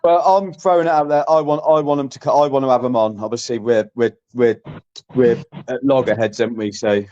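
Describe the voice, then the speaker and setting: A man's voice: mid-range voice, fairly even intonation, a little fast, a little mellow. A man hosting a livestream, flustered and stammering as he pleads with guests. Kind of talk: heated livestream argument. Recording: muffled lo-fi stream audio.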